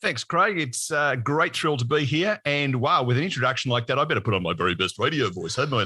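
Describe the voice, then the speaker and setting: An Australian man in his sixties chatting as a podcast guest, relaxed, with dry self-deprecating humor. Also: mid-range voice, a little fast, few pauses, slightly rough, no room sound. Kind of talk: casual podcast chat.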